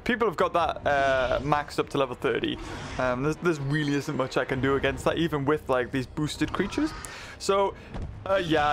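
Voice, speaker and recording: A man giving chatty, excitable let's-play commentary from his desk, laughing often into a microphone through a mixer. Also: fairly high pitch. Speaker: gaming video creator. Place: home desk setup.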